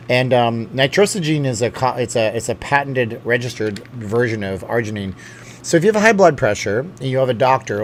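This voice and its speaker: With a mid-range voice and a little hiss or hum in the audio, a man hosts a relaxed live stream. He reads viewer comments aloud and rambles chattily, often using fillers and correcting himself.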